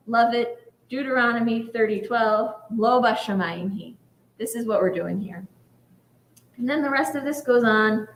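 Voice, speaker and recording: Casting note: woman rabbi, high voice, chatty sermon full of "right?", echoey sanctuary. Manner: conversational, often adds "right?". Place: synagogue sanctuary.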